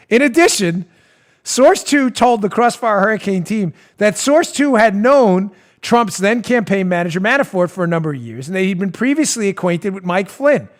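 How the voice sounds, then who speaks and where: A man in his forties hosts a political talk show with a high voice that swoops widely as he mocks his subject. He is animated and often breaks into laughter. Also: moderate pace. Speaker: host.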